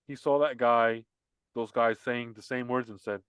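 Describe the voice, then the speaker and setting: A man's voice: medium pitch, steady tone, moderate pace, clear, resonant tone, no room sound, lo-fi sound. A man co-hosting a casual podcast, talking in a heated, emphatic way, repeating himself with many restarts. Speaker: podcast co-host. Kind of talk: casual political podcast chat.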